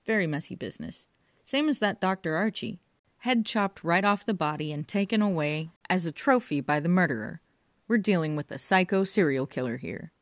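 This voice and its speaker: A woman's voice: on the low side, lively intonation, moderate pace, dry recording, studio quality. A woman voicing a blunt male police inspector in an audiobook reading. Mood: grim.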